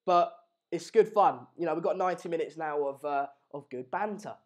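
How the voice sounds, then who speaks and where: A man's voice: on the high side, fairly quick. Bantering young English man on a live stream. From England. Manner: jokey banter, rambling with fillers and restarts. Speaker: football watchalong streamer. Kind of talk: live stream chat reading comments. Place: home room in Madrid.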